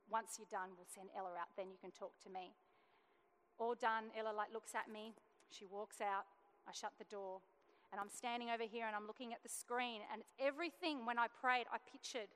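Recorded with long hall reverb, a church speaker in her thirties gives a testimony sermon about her family, acting out the dialogue with earnest feeling. Her voice is a little high and fairly bright.

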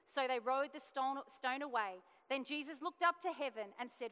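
A woman's voice: sits high, lively intonation, moderate pace, hardly any pauses, pushed and bright, smooth. A woman in her thirties giving a testimony sermon, telling a family story earnestly and acting out the dialogue. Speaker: church speaker sharing testimony. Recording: long hall reverb.

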